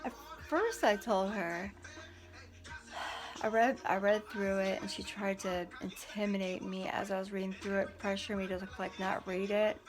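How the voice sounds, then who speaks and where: A woman recounts a run-in for her viewers, talking bluntly and with clear indignation. She is chatty and quick to editorialize. Music plays clearly behind her voice. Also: medium pitch, fairly even intonation. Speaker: vlogger. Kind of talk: casual storytelling to camera.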